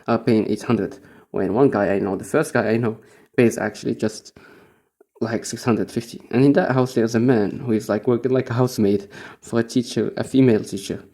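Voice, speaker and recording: A man's voice: medium pitch, fairly even intonation, fairly quick, dark tone. A young man from Morocco who works as a teacher, telling a rambling, profane story in a casual spoken-diary monologue and chuckling often.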